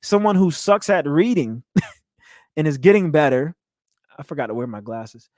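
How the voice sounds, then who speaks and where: A man's voice: on the high side, measured pace, no room sound, clean studio sound. A young man hosting a motivational podcast, talking earnestly and laughing often, with frequent restarts. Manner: earnest, animated, laughs often, repeats words. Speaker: podcast host. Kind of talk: motivational solo podcast talk.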